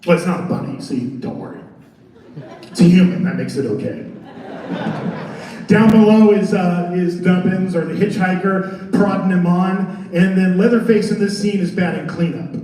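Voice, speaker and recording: A man presenting on a convention panel as a haunted attraction designer, telling his story in an animated, joking way. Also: sits high, moderate pace. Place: large convention center hall. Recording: echoey convention hall from far off.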